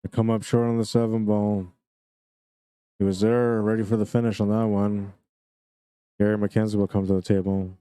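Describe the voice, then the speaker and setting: A man with a Canadian accent giving relaxed, chatty live commentary on a pool match and greeting viewers by name. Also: lowish voice, moderate pace, long pauses, clean tone, dry recording.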